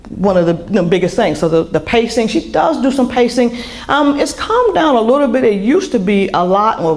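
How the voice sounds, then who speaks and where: A woman's voice: fairly low pitch, a little mellow. Woman telling a caregiving story candidly. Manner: candid storyteller, many restarts and fillers. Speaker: author and speaker. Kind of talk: personal talk to an audience.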